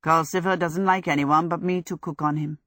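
A woman's voice: low-pitched, fairly even intonation, normal speed, fairly bright tone, dry recording, clean studio sound. A woman voicing a flamboyant young male wizard who talks in an offhand drawl.

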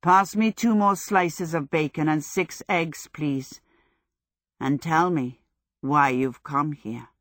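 Woman reading a flamboyant young man wizard, drawling, offhand, slow, low. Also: no echo, studio quality.

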